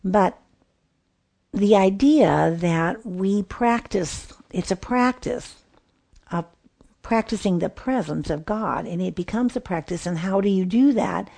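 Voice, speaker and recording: Warm, gravelly woman giving a devotional talk. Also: mid-range voice, slow. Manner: earnest, reflective, conversational with many restarts. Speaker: Christian radio host. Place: studio.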